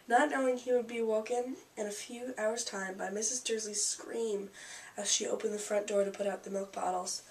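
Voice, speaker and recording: A woman reading a novel aloud in a casual home-reading way, with small slips and asides. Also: on the high side. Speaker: audiobook reader. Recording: slightly distant mic with faint hiss.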